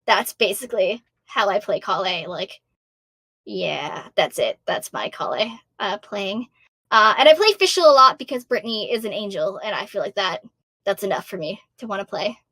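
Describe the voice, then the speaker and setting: A woman in her thirties from Massachusetts, a voice actor answering fan questions in a bubbly, self-deprecating way, with a high-pitched voice that is going hoarse from so much talking. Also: expressive, normal speed, sharp tone, dry recording. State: losing her voice. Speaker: voice actor guest. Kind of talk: casual Q&A answers.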